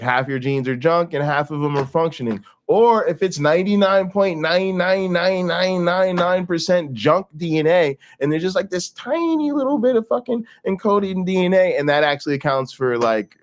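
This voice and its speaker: A man hosting a casual commentary, blunt, profane and emphatic as he reacts to clips. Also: a little high.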